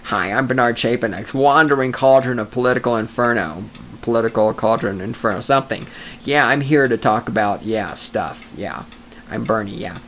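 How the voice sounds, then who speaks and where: A man doing a low, drawling impression of a fellow male podcaster that trails off into mumbles. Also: normal speed, a bit bright, slight background noise, close to an everyday voice. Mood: lazy.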